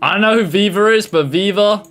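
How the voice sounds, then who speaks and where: A man's voice: high voice, fairly quick, fairly bright tone. A man giving casual reaction commentary with a slightly raised voice. He jokes and sounds exasperated as he bounces between crude banter and mock complaints about clips of himself. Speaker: YouTuber reacting to fan-made clips.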